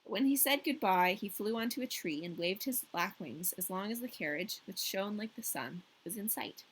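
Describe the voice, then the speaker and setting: A woman's voice: mid-range voice, animated, normal speed, a little hiss or hum, low-quality recording. A woman co-hosting a podcast, reading a fairy tale aloud in a casual way with playful, joking asides. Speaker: podcast co-host and story reader.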